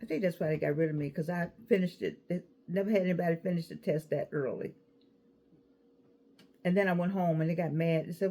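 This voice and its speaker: A woman's voice: on the low side, animated, quick pace, a little mellow. An older woman, chatting to camera and giving life advice in a sassy, digressive way. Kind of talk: casual chat to camera.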